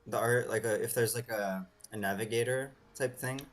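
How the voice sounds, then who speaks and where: A man's voice: medium pitch, fairly even intonation, normal speed. A man, a game developer co-host, chatting casually with dry jokes. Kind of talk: casual chat while working.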